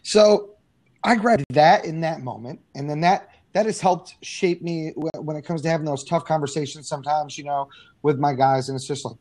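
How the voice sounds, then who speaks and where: A middle-aged man talking casually as an interview guest, telling energetic stories with frequent fillers and restarts. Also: on the high side, normal speed, dry recording. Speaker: guest, business owner.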